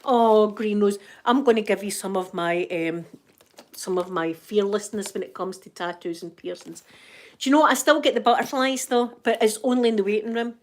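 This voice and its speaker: A woman's voice: mid-range voice, normal speed. A Scottish woman hosting a casual ASMR stream, chatting to viewers in the chat while she knits and laughing often. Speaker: ASMR livestream host.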